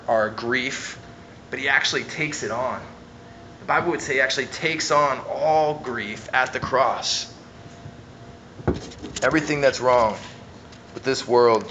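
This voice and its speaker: A man preaching a sermon, walking his listeners through scripture in an earnest, conversational way. His voice sits in an ordinary middle pitch, pushing hard on key words and then dropping to a near-hush. A faint noise lies under the recording. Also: poor audio. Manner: earnest, swings from emphatic to hushed. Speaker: pastor.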